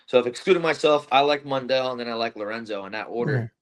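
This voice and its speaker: A man's voice: mid-range voice, fast talker. A man who is a bare-knuckle fighter, talking in a casual post-fight interview with intense, profane trash talk, lots of fillers and restarts.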